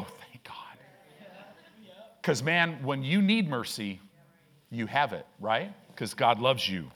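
Slow, emphatic preaching man. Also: mid-range voice, a bit bright. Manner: preaches with emphatic drawn-out phrases and asides to the congregation. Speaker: pastor. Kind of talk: sermon.

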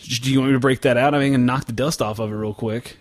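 A man's voice: medium pitch, fairly even intonation, quick pace, no room sound, clean studio sound. Teasing man in casual banter. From Oklahoma. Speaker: podcast co-host. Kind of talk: casual chat.

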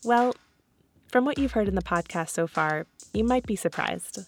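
A woman hosting a podcast, giving scripted narration in a clear, guiding tone. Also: mid-range voice, lively intonation, moderate pace, slight background noise. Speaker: podcast host.

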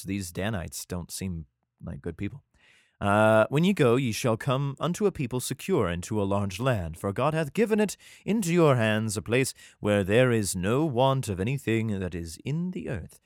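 A man reads old scripture aloud and keeps cutting in with sarcastic, profane jokes. His voice rises and falls in a lively way, and the sound is close and dry with no room echo. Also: lowish voice. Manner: irreverent, sarcastic profane asides. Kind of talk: reading scripture aloud with comedic commentary.

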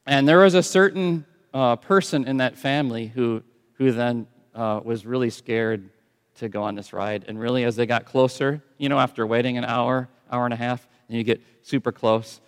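A man preaching a sermon in a conversational way, often dropping to soft, intense tones. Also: medium pitch, fairly even intonation, moderate pace, clean tone. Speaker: pastor. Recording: long church reverb.

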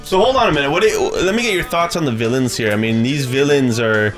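A man's voice: mid-range voice, lively intonation, quick pace, soft background music. A man co-hosting a casual movie podcast, enthusiastic and opinionated about the film. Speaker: podcast co-host.

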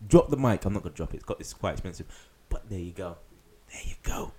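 A man's voice: deep voice, lively intonation, quick pace, warm tone. A man hosting a casual football podcast, joking and swearing through loose banter with friends. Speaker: podcast host.

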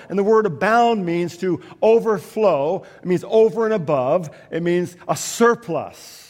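Man preaching in a reverberant church. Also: a little high. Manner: conversational storytelling, drops to soft asides. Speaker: pastor. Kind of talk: sermon. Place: church sanctuary. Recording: long hall reverb.

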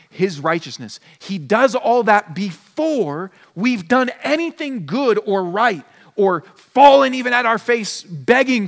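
A man's voice: high voice, a bit bright. A man preaching a conversational sermon as a pastor, now and then acting out short imagined conversations. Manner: conversational preaching, acts out little dialogues. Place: church sanctuary. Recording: long hall reverb.

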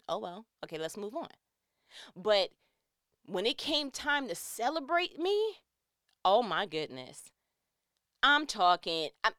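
A woman's voice: mid-range voice, fairly bright tone, smooth, no room sound, clean studio sound. A woman telling a personal story in a candid, conversational monologue.

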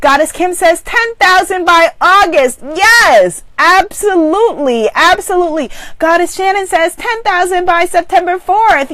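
A woman with a very high, slightly bright voice, recorded without echo, leads a live-streamed abundance coaching session online. She's exuberant and affirming as she reads out viewers' comments.

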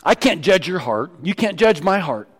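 A man preaching a sermon as pastor, swinging between loud emphatic peaks and quiet, dropped punchlines. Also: sits high, very animated, normal speed, slightly rough, long reverb tail.

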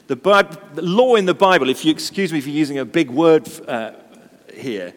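A man's voice: fairly high pitch, expressive, moderate pace, big-room sound. A man preaching a sermon, telling stories with humor and asking the congregation rhetorical questions.

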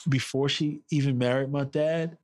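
A middle-aged man from the United States, telling personal stories about his family in an earnest, halting way and repeating words when moved. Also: medium pitch, fairly even intonation. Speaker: interview guest. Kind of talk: emotional personal storytelling.

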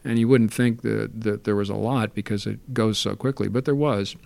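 Man, gravelly low voice, dry sound, rambling anecdotes with fillers. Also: fairly even intonation, moderate pace, a little mellow, dry recording. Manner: rambling, many fillers and restarts. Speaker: interview guest. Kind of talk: relaxed anecdotal storytelling.

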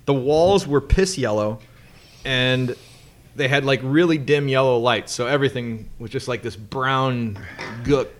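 A man's voice: medium pitch, unhurried. A man hosting a podcast, telling a long story in casual chat, rambling and laughing often. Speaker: podcast host.

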